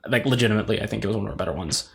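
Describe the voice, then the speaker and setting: A young man co-hosts a relaxed podcast conversation. He rambles through his stories, piling up filler words and checking in with his listener. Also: fairly low pitch, rapid-fire, vocal fry. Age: young adult. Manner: rambling, filler-heavy, keeps saying "like" and "right". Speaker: podcast co-host. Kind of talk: casual chat.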